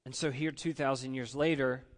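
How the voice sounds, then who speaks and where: A man's voice: medium pitch, steady tone, moderate pace. A man preaching an Easter sermon in a conversational way, often repeating words as he searches for the phrase. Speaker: pastor. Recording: long hall reverb.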